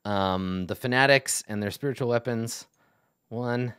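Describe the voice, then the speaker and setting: A man narrating a tabletop game as game master, relaxed and chatty, with many fillers. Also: mid-range voice, unhurried, a little hiss or hum.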